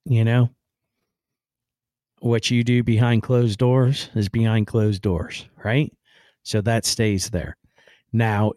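Man, podcast host, opinion monologue, blunt, rambling, swears casually, low voice, dry sound. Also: dark tone, dry recording. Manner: swears casually and then apologizes.

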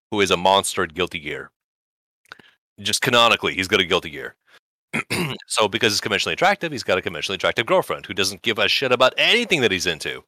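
A man co-hosting a casual podcast, recommending shows to his friends with animated, wry humor. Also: low voice, dry recording, clean studio sound. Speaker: podcast co-host. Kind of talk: casual chat.

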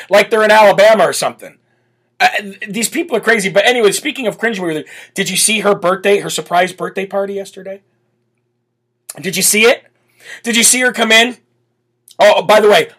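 A man's voice: sits high, a bit bright. A man hosting a political talk show, brash and sarcastic in his opinionated solo commentary.

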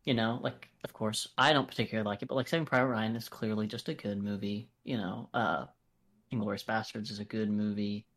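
An American man co-hosting a casual podcast, reviewing films in a lively, profane way and acting out quotes. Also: on the low side, fairly quick. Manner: animated, profane, acts out quoted voices. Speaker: podcast co-host. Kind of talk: casual film review chat.

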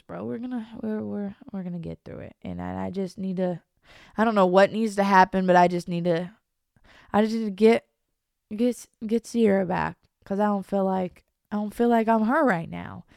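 A young woman talking casually and confessionally as a vlogger, halting and trailing off, soft and downcast, at times almost whispering. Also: medium pitch, smooth, no echo, studio quality. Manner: halting, trails off, many restarts and fillers.

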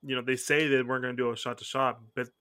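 This man's voice is mid-range, smooth and sharp, with little pitch movement and a quick pace. Hosting a podcast in casual chat, he rambles, self-corrects and restarts his sentences often.

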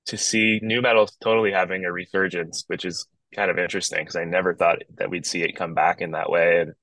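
A man from Northern Ontario, a guest musician on a podcast, talking outdoors in his yard over a video call, relaxed and rambling with frequent restarts. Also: low voice, quick pace, no room sound, poor audio. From Northern Ontario, Canada. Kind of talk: casual podcast chat.

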